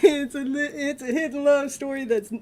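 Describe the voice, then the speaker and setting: A woman's voice: sits high, steady tone, moderate pace, a little mellow. A middle-aged woman hosting a casual live-stream tarot reading, chatting loosely with viewers and laughing often. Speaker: live tarot reader and host.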